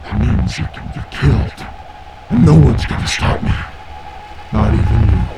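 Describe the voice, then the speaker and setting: A man's voice: medium pitch, expressive, unhurried, a loud crowd. Angel, a man playing a raving wrathful man. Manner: ranting, erratic, menacing.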